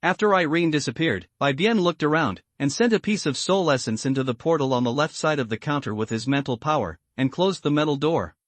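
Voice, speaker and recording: A man narrating a story recap in a steady, scripted reading. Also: fairly high pitch, dry recording.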